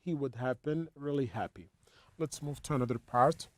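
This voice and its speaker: A man teaching an English lesson, explaining slowly and repeating words as he goes. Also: medium pitch, no echo.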